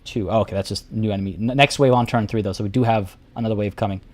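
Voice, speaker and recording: A man's voice: on the low side, fairly even intonation, rapid-fire, a little mellow, dry recording. A man giving live commentary on a strategy game, thinking aloud and chatting with his viewers while losing his voice. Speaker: game streamer.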